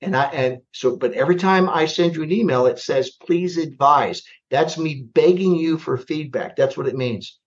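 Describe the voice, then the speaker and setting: An older man, a retired army general, telling stories as a podcast guest, animated and self-deprecating, acting out the dialogue. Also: fairly high pitch, normal speed, hardly any pauses. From United States. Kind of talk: storytelling in a podcast interview. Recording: slightly dull lo-fi podcast audio.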